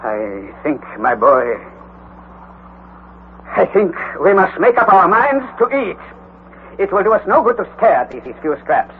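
An actor playing an older, learned professor uncle who leads the expedition with commanding, declamatory speech, in an old radio drama with a tinny sound. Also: male voice, high voice, sing-song, unhurried, long pauses, full character voice. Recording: tinny lo-fi old radio recording with faint hiss.

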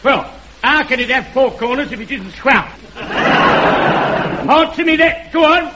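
An actor playing an insistent, preachy street-corner crank in a 1950s radio comedy. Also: male voice, very high-pitched, animated, takes it slowly, heavily acted. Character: cranky soapbox orator, grown man, earnest and odd. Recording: hissy, muffled old radio recording.

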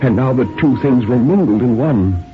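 A man narrating a radio drama in a grave, measured storytelling manner. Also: medium pitch, lively intonation. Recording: tinny old radio recording with faint music.

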